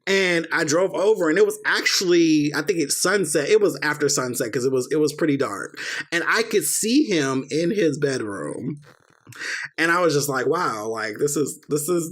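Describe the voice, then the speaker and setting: A young man hosting a podcast, telling a personal story in a casual, animated way, acting out quoted dialogue and swearing freely. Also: on the high side. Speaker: podcast host.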